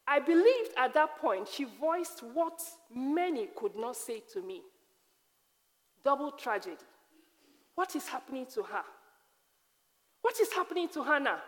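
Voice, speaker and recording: A woman from Africa giving a personal testimony sermon, emphatic and repeating phrases slowly. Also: high voice, fairly bright tone. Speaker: preacher. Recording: long hall reverb.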